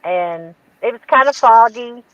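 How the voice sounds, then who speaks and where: A woman's voice: fairly high pitch, expressive, measured pace, a bit bright. A woman telling a story as a guest on a call, acting out the dialogue and laughing at herself. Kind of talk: casual storytelling. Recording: dull, dry remote call audio.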